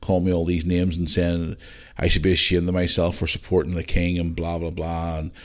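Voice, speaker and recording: A man's voice: deep voice, monotone, fairly quick, fairly bright tone. A man hosting his own podcast in a loose, chatty way, swearing freely as he talks to listeners. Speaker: podcast host. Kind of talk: casual solo podcast chat.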